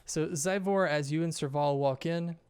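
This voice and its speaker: A man's voice: a little high, normal speed, darkish tone, clear, resonant tone. A man narrating as game master in a casual, rambling way with many fillers.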